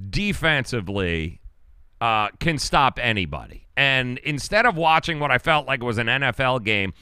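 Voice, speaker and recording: A man's voice: medium pitch, bright, forceful tone, smooth, no room sound. A male sports talk show host ranting casually about a football game, exasperated and rambling, with frequent restarts.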